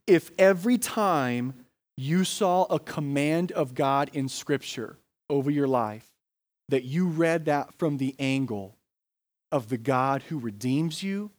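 An American man preaches a sermon in a relaxed, conversational way, peppering his points with quick asides and questions to the room. His voice sits a little higher than most men's. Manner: conversational preaching, frequent "like" and "right?". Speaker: pastor.

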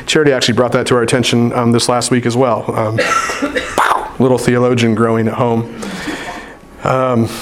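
A man preaching a sermon in a church. He moves from earnest appeals to relaxed family stories told to the congregation. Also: mid-range voice, a little hiss or hum. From United States. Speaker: pastor. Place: church sanctuary.

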